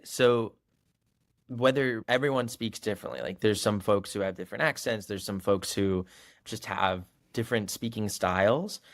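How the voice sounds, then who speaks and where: A man with a general American accent hosting a podcast and asking relaxed, conversational questions. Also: fairly low pitch. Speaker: podcast host. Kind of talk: podcast interview.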